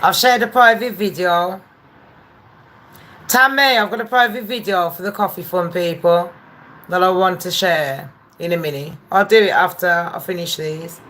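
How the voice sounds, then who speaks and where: A woman's voice: fairly low pitch, normal speed, fairly bright tone. A woman hosting a gossip live stream, chatting casually, swearing freely and greeting viewers by name. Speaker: gossip channel host.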